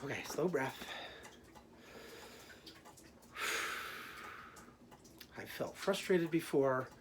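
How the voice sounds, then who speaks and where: A man, a teacher, gently talking young children through his own feelings during a storytime lesson. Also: on the high side, big pitch swings, measured pace, long pauses, noisy background.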